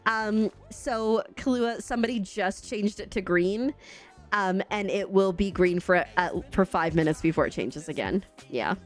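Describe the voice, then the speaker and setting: A woman's voice: mid-range voice, unhurried, soft background music. A chatty woman with a light Canadian accent, laughing often as she talks casually to her live-stream chat while gaming. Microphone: desk microphone.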